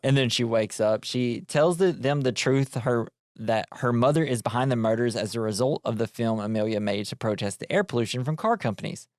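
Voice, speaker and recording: A man co-hosting a movie podcast, recapping the plot in loose casual chat. He rambles with plenty of fillers and keeps breaking into laughter. His voice sits at an ordinary middle pitch, recorded close and dry with no room echo. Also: a little fast, hardly any pauses, darkish tone. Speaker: podcast co-host.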